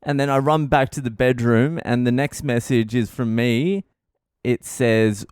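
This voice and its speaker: A man's voice: medium pitch, fairly even intonation, unhurried, a little mellow, smooth, no echo, clean studio sound. A man hosting his own podcast, telling a comic story in a profane, rambling, self-mocking way. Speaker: podcast host, comedian.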